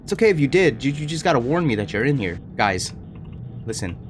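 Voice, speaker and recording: Excitable, panicky young gaming streamer. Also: male voice, mid-range voice, brisk. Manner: excitable, panicky running chatter to viewers. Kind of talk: horror game let's play commentary.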